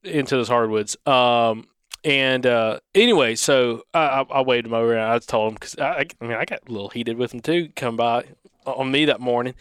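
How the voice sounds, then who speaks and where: A podcast co-host tells a hunting story in a rambling, casual way, restarting sentences and acting out the quoted dialogue. His mid-range voice is a bit bright and smooth, at normal speed. The recording is dry, with clean studio sound.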